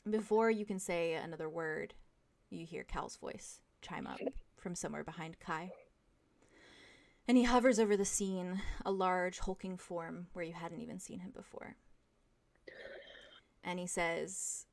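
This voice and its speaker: A young woman narrating a tabletop game as game master in the second person, in a hushed, dramatic way. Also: lowish voice, steady tone, unhurried, creaky.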